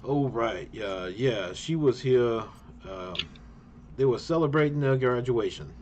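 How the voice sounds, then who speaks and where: A man's voice: medium pitch, lively intonation, measured pace, background noise, close to an everyday voice. A man voicing a courteous Georgia diner manager. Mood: obliging. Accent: Southern US, Georgia. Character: middle-aged male diner manager, polite, obliging.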